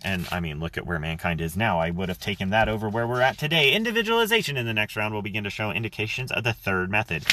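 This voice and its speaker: A man's voice: fairly low pitch, very animated, quick pace, few pauses, bright, forceful tone, dry recording. A man live streaming from his phone, reading aloud and then chatting casually, rambling and swearing freely. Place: outdoors.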